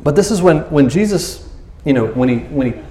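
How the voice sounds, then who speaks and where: A man's voice: a little high, lively intonation, normal speed, dark tone, echoey room. A man preaching a casual, conversational sermon, acting out quoted voices as he goes. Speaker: pastor.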